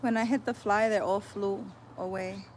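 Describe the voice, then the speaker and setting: A woman's voice: medium pitch, steady tone, normal speed, darkish tone. Woman, livestream host, casual rambling chat, greets viewers one by one, outdoors on a phone, faint ambient noise behind. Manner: chatty, greets viewers by name, loose and rambling. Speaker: livestream host and spiritual healer.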